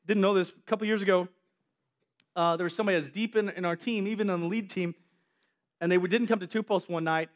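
A man with a high voice delivers a youth sermon. He is animated and slips in and out of playing the characters in his story. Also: quick pace.

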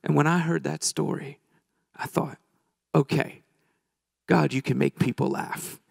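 A man's voice: on the high side, fairly even intonation, measured pace, gravelly, husky, dry recording, studio quality. A man preaching a sermon in a conversational, joking way, telling a story and acting out the people in it. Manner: conversational, joking, acts out quoted voices.

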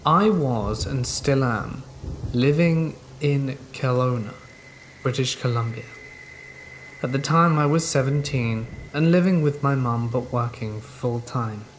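A man reading scary stories aloud in a measured, steady scripted narration. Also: mid-range voice, slight background noise, poor audio. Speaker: horror story narrator. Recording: rain sounds under the narration. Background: rain.

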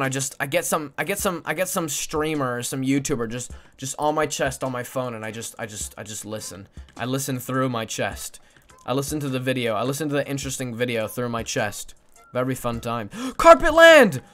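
A young man live-streaming a game, mumbling to himself and his chat, swearing often and breaking into loud excited shouts. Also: medium pitch, brisk. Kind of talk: casual gaming livestream chat.

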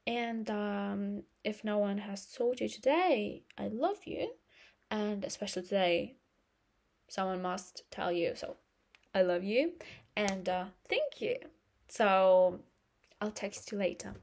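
Slow, soft-spoken woman in ASMR role-play. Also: mid-range voice, vocal fry. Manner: chatty, rambling, affectionate. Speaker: ASMR creator.

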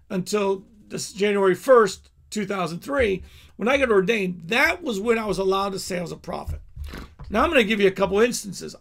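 A man's voice: high-pitched, vocal fry, fairly bright tone. A middle-aged male pastor giving a candid teaching talk, telling personal stories with frequent asides and restarts.

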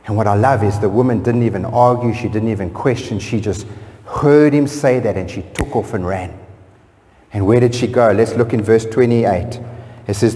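A male pastor preaching in a church hall with long reverb. His fairly low, mellow voice climbs high and gets louder as he presses his main points. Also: normal speed. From South Africa. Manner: preaching with sudden rises in pitch and force on key phrases. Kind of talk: sermon.

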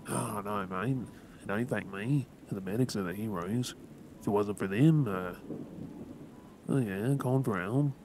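A man with an Australian accent in a soft, whispered role-play, gently reassuring the listener with halting words. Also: lowish voice. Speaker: ASMR creator. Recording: rain and thunder noise behind. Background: steady rain and thunderstorm.

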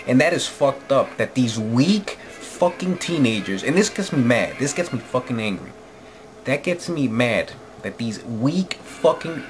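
Angry, profane man ranting over music. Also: medium pitch. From New Jersey. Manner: angry, profane, repeats "you know what I'm saying". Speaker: vlogger. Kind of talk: late-night opinion rant.

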